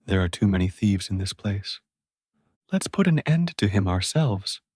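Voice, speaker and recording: A man's voice: on the low side, very animated, moderate pace, darkish tone, husky, dry recording, studio quality. A man reading a storybook and voicing a big, angry man in a crowd.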